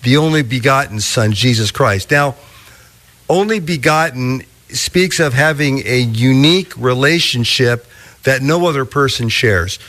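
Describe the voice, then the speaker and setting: A man preaching a sermon, teaching through a scripture passage with slow, deliberate emphasis. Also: mid-range voice, a bit bright. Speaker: pastor.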